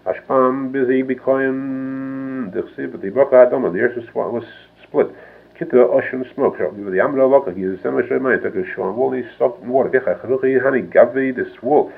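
A man's voice: medium pitch, moderate pace, vocal fry. A man giving a traditional text lecture, reading a passage and then explaining it phrase by phrase. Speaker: religious teacher. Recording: narrow phone-like lo-fi sound.

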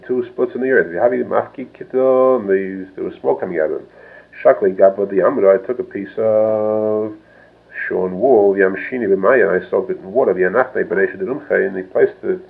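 A man's voice: lowish voice, gravelly. A man giving a traditional text lecture, reading a passage and then explaining it phrase by phrase. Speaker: religious teacher. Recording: narrow phone-like lo-fi sound.

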